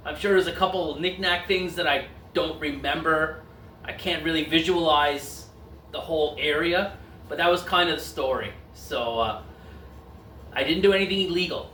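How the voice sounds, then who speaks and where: A man casually telling a travel story as host, animated and acting out the quoted voices. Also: fairly high pitch, a little hiss or hum. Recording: echoey room, mic at a distance.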